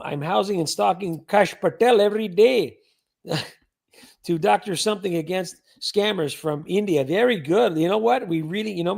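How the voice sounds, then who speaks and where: A man with a high voice and a gravelly, creaky texture hosts a relaxed livestream. He chats loosely and reads out viewers' names as he goes. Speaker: livestream host. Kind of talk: casual livestream chat.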